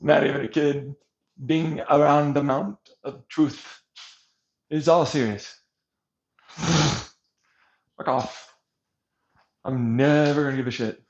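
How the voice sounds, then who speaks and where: A man ranting with profanity over gameplay, swinging between shouted mockery and low mutters. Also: fairly even intonation, takes it slowly, long pauses, lo-fi sound.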